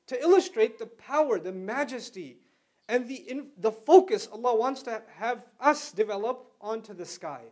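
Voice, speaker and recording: A man giving a religious talk to a young audience, telling stories with big swings from quiet to loud and asking listeners questions. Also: high voice. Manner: animated storyteller with wide swings in loudness; conversational, asks listeners questions. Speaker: Islamic lecturer.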